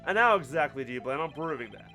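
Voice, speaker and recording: A man's voice: on the high side, lively intonation, fast talker, sharp tone, faint music behind, voice pushed down. A man voicing a cocky, evasive young male rebel in a video game, with a casual, dismissive drawl. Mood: defiant. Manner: casual, dismissive drawl, talks with mouth full.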